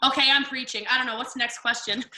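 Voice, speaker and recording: A woman's voice: high voice, fairly even intonation, bright, forceful tone, reverberant, far from the mic. A woman giving an emphatic, preachy motivational pep talk as guest speaker on a team coaching call, acting out people's excuses. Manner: fast, emphatic, preachy, acts out quoted excuses. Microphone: video call.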